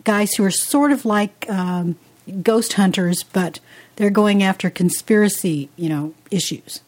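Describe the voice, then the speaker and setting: A woman's voice: mid-range voice, unhurried, a little mellow. Chatty woman co-hosting a podcast. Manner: chatty, rambling with restarts and asides. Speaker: podcast co-host. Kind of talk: casual conversational chat.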